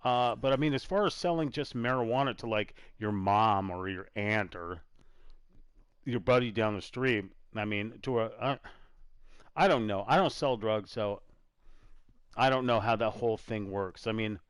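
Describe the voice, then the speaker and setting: A man's voice: lowish voice, moderate pace, clean tone, no echo. A man hosting a casual gaming talk show, rambling and trailing off as he talks. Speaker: podcast host. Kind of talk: casual chat while gaming.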